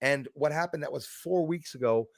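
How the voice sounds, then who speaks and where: A man hosting a casual chat, telling stories in an excitable, animated way. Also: a little high, moderate pace, creaky, no echo, studio quality. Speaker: podcast host.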